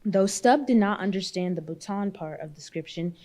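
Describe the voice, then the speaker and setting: A woman's voice: mid-range voice, fairly quick, a little mellow. A woman reading a novel aloud at a public marathon reading, stumbling and restarting often. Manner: reads with frequent slips and restarts. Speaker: volunteer reader.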